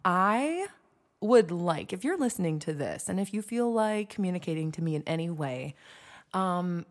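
Young woman podcast host, rambling casual chat, self-deprecating, slightly low voice. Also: lively intonation, moderate pace. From United States.

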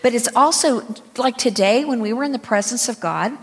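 A woman's voice: a little high, brisk. A woman pastor preaching in an earnest, conversational way, sharing personal testimony and acting out dialogue. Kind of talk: conversational sermon. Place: church sanctuary. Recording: echoey church hall.

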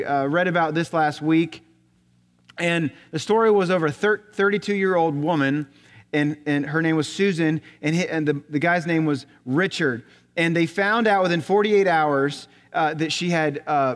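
A male pastor preaching a sermon, telling a story and asking rhetorical questions, often dropping to a soft voice. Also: fairly high pitch. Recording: long hall reverb.

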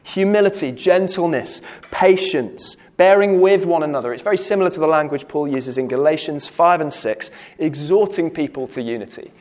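A man's voice: on the high side, normal speed, few pauses, darkish tone. A man leading a Bible study in a church hall, explaining a passage with frequent "okay"s and restarts. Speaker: Bible teacher.

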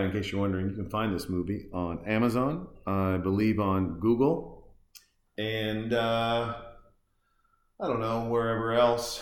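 A man hosting a podcast from his house, rambling through casual, sarcastic commentary as he reacts aloud to a movie. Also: on the low side. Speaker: podcast host. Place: room in a house. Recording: roomy echo.

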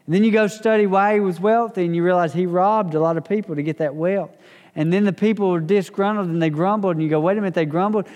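A man's voice: high voice, fairly even intonation, quick pace, a little mellow, clear, resonant tone. A man teaching a church Bible study in a conversational way, often repeating and restarting his phrases. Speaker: pastor. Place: church hall. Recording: echoey hall with long reverb.

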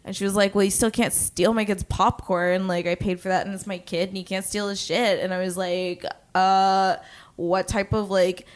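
A woman's voice: medium pitch, little pitch movement, normal speed, close to an everyday voice. Woman doing a crude unhinged caller, rambling with fillers, shameless, brash. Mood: brazen. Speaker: prank caller. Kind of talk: improvised comedy call-in.

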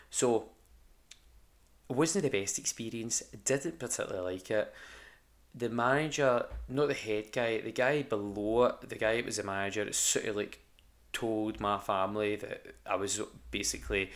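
A young Scottish man with a low, gravelly voice rambles through casual stories. He talks loosely with plenty of ums, restarts and swearing, like an informal podcast chat. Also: a bit bright. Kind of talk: casual storytelling.

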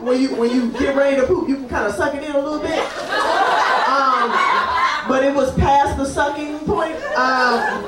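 A woman's voice: sits high, recorded from a distance, heavy background noise. A woman telling a funny story on stage at a live show, swearing freely and laughing as she talks. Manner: animated, swearing, laughing often. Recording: live room, roomy, crowd audible.

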